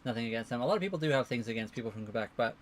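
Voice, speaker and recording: Guy chatting on a livestream, talks quick, rambles a bit. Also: medium pitch, animated, a little hiss or hum. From Canada. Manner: rambling, answers viewer questions. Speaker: livestream co-host. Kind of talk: casual livestream chat.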